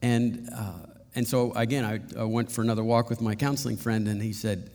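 A middle-aged man preaching a sermon as pastor, earnest and halting, with frequent restarts. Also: fairly low pitch, flat delivery, dark tone. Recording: long reverb of a hall.

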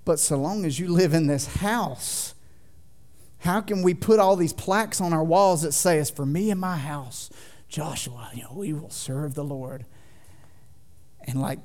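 Animated joking pastor preaching a sermon. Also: male voice, on the high side. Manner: animated, swings from loud to quiet; folksy, joking with the congregation. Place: church sanctuary.

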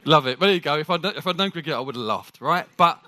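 A man preaching a sermon to a congregation. He jokes with the room and talks in an animated way. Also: on the high side, racing, dry recording.

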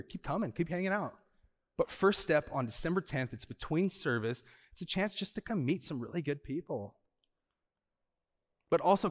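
A male pastor preaching a sermon to a church. He moves from soft, slow lines to loud, high bursts for emphasis and laughs lightly with the room. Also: long reverb tail. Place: church auditorium.

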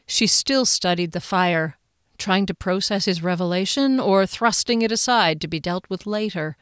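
A woman narrating a fantasy audiobook in an even, measured storytelling voice. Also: fairly low pitch, no room sound, clean studio sound.

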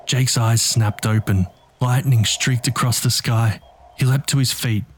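A man narrating a dark story in a tense, measured, scripted delivery. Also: medium pitch, fairly even intonation, breathy edge.

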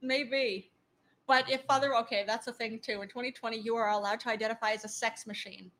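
A woman's voice: on the high side, fairly even intonation, a little fast, fairly bright tone. A woman co-hosting a casual podcast, rambling and laughing often as she reads out listener comments. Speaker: podcast co-host.

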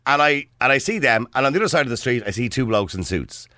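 A man hosting a radio phone-in, chatty and animated and quick to laugh. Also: medium pitch, no room sound, studio quality. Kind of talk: casual talk radio chat. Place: radio studio.

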